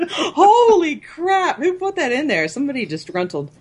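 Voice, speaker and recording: A woman's voice: high voice, wildly swooping pitch, measured pace. A woman co-hosting a podcast, telling rambling game stories in casual chat, chatty and giggly. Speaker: podcast co-host.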